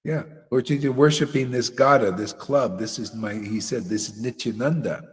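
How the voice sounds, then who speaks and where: A man's voice: mid-range voice, moderate pace, big-room sound. A man giving a devotional sermon as a spiritual teacher, preaching bluntly and emphatically with mocking asides.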